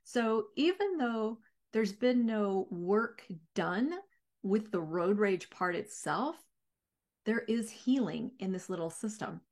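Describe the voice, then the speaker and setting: A middle-aged woman therapist speaking candidly in a reflective talk, lively and acting out her own inner voices. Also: medium pitch.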